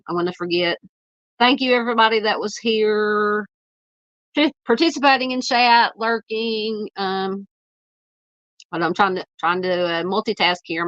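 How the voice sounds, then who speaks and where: A woman's voice: medium pitch, a bit bright, no echo. Scratchy-voiced Southern woman hosting a livestream. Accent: Southern American. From Southern United States. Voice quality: scratchy, nasal voice. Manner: rambling, filler-heavy, thanking viewers. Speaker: true crime live stream host. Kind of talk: casual live stream sign-off, reading chat. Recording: dull, dry lo-fi mic.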